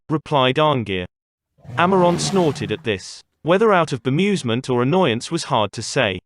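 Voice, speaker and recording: A man narrating an audiobook in a steady storytelling voice. His pitch is middling, and the recording is dry and close. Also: normal speed, dry recording. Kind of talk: scripted narration.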